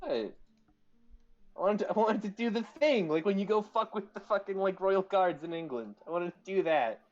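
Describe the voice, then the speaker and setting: A man's voice: sits high, lively intonation, moderate pace. Joking man playing a tabletop game. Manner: joking, swears freely. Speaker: player. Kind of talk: casual tabletop game chat. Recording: dull lo-fi sound with faint music.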